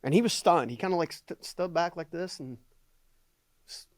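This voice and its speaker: A middle-aged man speaks as a podcast guest and tells his own life story with animated energy. He keeps tagging his sentences with "right?". His fairly high voice is recorded dry, with no room echo. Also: normal speed. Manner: animated storyteller who repeats "right?" for emphasis. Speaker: guest, entrepreneur and motivational speaker. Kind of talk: personal storytelling in a podcast interview.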